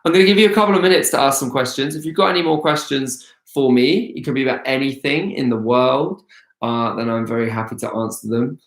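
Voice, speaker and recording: A man's voice: medium pitch, fast. Guy doing a live q&a, lots of ums, chatty, kinda echoey room. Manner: rambling, hesitant, full of ums. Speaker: actor hosting a live Q&A stream. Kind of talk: casual live-stream Q&A.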